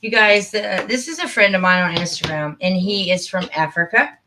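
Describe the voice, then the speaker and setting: A woman's voice: medium pitch, normal speed, noisy background. A middle-aged woman hosting a casual live stream, talking in a heartfelt, rambling and emphatic way. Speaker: channel host.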